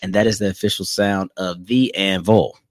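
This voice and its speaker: Playful low-voiced podcast co-host man. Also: steady tone, normal speed, dry recording. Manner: laughs often, playful teasing. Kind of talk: casual chat. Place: home.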